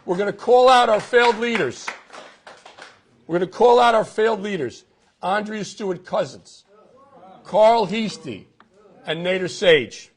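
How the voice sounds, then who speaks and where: A man's voice: high-pitched, a little slow, pauses often. A middle-aged man with a New York accent giving a punchy campaign announcement speech, repeating lines for effect. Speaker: political candidate. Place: outdoors at a golf club event. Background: crowd.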